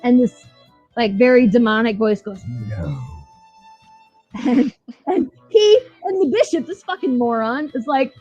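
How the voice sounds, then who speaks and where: On a dull, lo-fi podcast recording with faint background music, a female co-host casually reviews a show, rambling, swearing and laughing as she retells scenes. Her voice is on the high side with a dark tone, at a normal speed.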